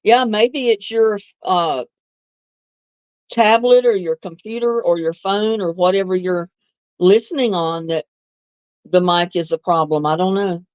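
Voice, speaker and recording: A woman's voice: medium pitch, measured pace, dry recording, lo-fi sound. Chatty woman on a live stream. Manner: chatty, laughs often, easygoing. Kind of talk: casual live chat answering viewer comments.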